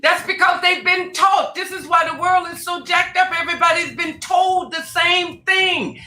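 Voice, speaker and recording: Woman, from Tacoma, spiritual advisor, emphatic preachy chat, high pitch, echoey room. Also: normal speed, bright, forceful tone. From Tacoma, Washington, US. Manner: emphatic and exclamatory, calls the host girl and honey. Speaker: spiritual advisor, radio guest. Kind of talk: casual preachy radio chat. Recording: echoey room, faint noise.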